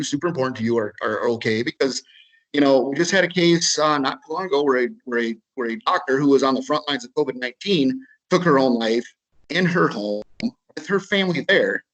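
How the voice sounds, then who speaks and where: A man with a slightly high voice and an Upper Midwest American accent tells a story for a webinar. His talk is casual and full of restarts. He acts out both sides of each conversation. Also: animated, brisk, fairly bright tone, low-quality recording. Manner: casual, repeats words, acts out dialogue. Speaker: webinar speaker. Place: video webinar.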